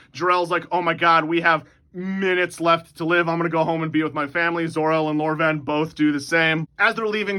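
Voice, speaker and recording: A man telling a movie pitch as a comedic story, in an excitable, profane, rapid-fire recap style. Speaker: movie pitch channel host.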